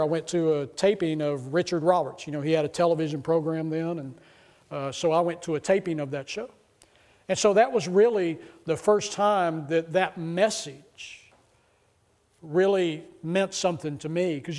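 A middle-aged male pastor delivers a sermon in a notably high voice. He begins with casual storytelling in the manner of a conversational testimony, then builds into excited, emphatic preaching.

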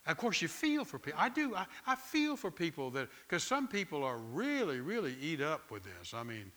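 A middle-aged pastor, preaching in a conversational, storytelling way and often repeating words. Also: male voice, on the high side, very animated, normal speed, a bit bright. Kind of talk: sermon.

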